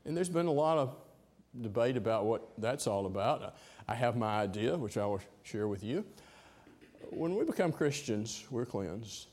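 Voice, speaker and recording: A man's voice: medium pitch, animated, moderate pace, a little mellow. A man preaching a sermon, telling the story conversationally with hesitant fillers.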